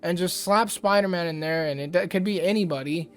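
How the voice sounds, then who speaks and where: A man's voice: high-pitched, a little fast, clear, resonant tone. A man hosting a casual ranting commentary vlog, rambling and exasperated, with lots of fillers. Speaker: YouTube host.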